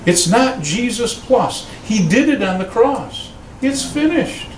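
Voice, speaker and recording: A man preaching as a pastor, telling stories and acting out quoted voices with lively delivery. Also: takes it slowly, echoey room, distant mic, a little hiss or hum, rough recording. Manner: animated storytelling, voices quotes in a raised pitch. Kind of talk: sermon. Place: church sanctuary.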